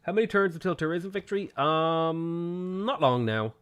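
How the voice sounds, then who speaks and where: A man's voice: fairly high pitch, moderate pace, a bit bright, clean tone. A man streaming a strategy game, chatting casually and answering viewers' questions. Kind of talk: casual gameplay commentary.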